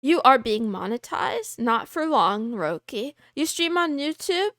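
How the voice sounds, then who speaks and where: A woman's voice: high-pitched, very animated, a little slow, fairly bright tone, dry recording, studio quality. A woman livestreaming as a VTuber, chatting casually and playfully, greeting viewers one by one with wry, self-mocking asides. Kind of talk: casual livestream chat reading viewer messages.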